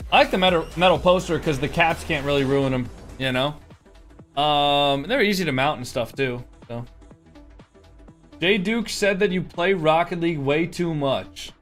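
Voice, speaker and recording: A man's voice: on the high side, a bit bright. A tired young man streaming and commentating a match casually, calling plays loosely and swearing as he chats with viewers. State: tired, yawning.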